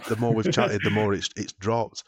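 British podcast host, slightly low voice, dry recording, chatty storyteller. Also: male voice, normal speed, no echo. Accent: British English. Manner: chatty, storytelling, animated when joking. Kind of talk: casual chat.

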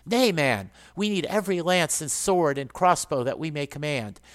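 A man's voice: fairly high pitch, expressive, normal speed, pitched above the performer's own voice, natural voice. A man reading aloud and voicing a loyal, pious male knight who speaks firmly in archaic phrases. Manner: firm, archaic speech.

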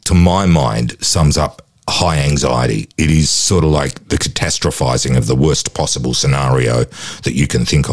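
A man's voice: extremely low pitch, dry recording, clean studio sound. A middle-aged man, a voice-over artist, telling his story candidly as an interview guest and acting out the people he quotes. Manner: acts out quoted people in lively put-on voices.

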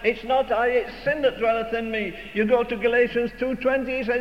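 A man's voice: extremely high pitch, steady tone, brisk, hardly any pauses. An older man preaching a sermon with emphatic, rhetorical, repeated phrases. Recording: dull recording in a reverberant hall, faint noise.

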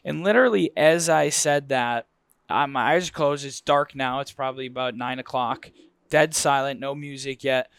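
A man with a smooth, resonant voice of middling pitch tells a personal story with lively energy, peppering it with casual fillers. He sounds close and dry on the mic, with no room around him. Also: moderate pace, no echo.

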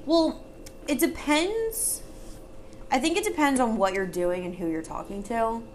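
A young woman hosting a podcast, chatting casually and chiming in with quick agreements. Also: fairly high pitch, big pitch swings, darkish tone, slight background noise. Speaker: podcast host. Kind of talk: casual chat.

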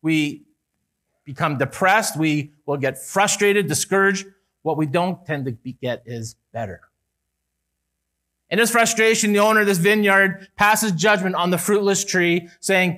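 A male pastor delivering a sermon in an earnest manner, rising for emphasis and dropping low and soft at key words. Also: normal speed. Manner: earnest, rises and falls with emphasis, some restarts.

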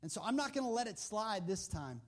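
A man doing a quietly resolute young captive. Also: high-pitched, brisk, close to an everyday voice. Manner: soft, steady, resolute. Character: young male captive, quietly firm and devout.

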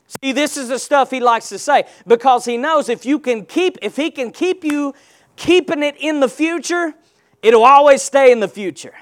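A man's voice: very high voice, moderate pace. A man preaching a sermon in a church, using call-and-response and rhetorical questions. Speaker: pastor.

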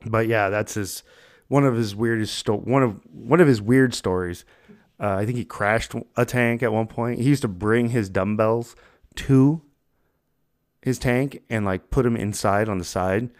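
A man's voice: on the low side, unhurried. A man hosting a podcast, telling stories in a loose, chatty way with lots of fillers and laughs. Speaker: podcast host. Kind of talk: casual chat.

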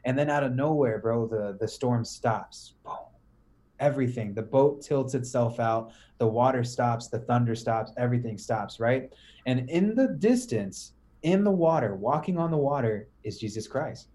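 A young man on a podcast, retelling a story in casual slang, animated, full of "bro" and "right?". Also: medium pitch, normal speed. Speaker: podcast guest.

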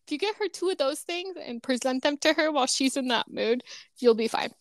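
High-voiced woman telling lively stories. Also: a little fast, dry recording. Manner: animated storytelling, acts out quoted people. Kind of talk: casual chat.

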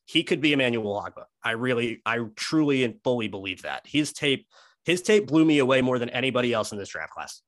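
A man talks football on a podcast, emphatic and animated as he lays out player technique. His voice sits at a middling pitch. The sound is dry and close, with no room around it. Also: brisk, no echo. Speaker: sports podcast co-host. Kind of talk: casual football analysis chat.

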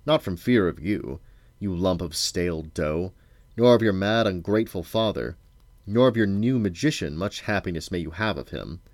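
Dad voicing proud menacing old wizard, deep low voice, dry close read. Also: male voice, expressive, moderate pace, a little mellow, dry recording. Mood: scornful. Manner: cold, threatening and scornful.

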